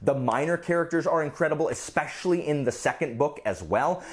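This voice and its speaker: A man reviewing the books he read this month, gushing and excitable, with quick asides. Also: on the high side. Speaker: book reviewer. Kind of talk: casual monthly reading wrap-up.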